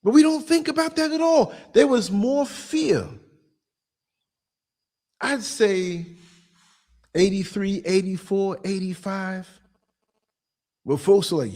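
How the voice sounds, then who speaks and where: A man's voice: high voice, slow, long pauses, a little mellow. A man in his sixties hosting a podcast, telling blunt, streetwise stories and acting out quotes as he goes. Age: 60s. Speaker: podcast host. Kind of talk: casual monologue commentary.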